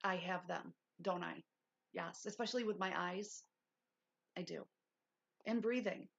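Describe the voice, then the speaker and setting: A woman's voice: fairly low pitch, unhurried, vocal fry, muffled recording. A woman hosting a casual livestream lesson, reading notes aloud and breaking off into chatty asides. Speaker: livestream host.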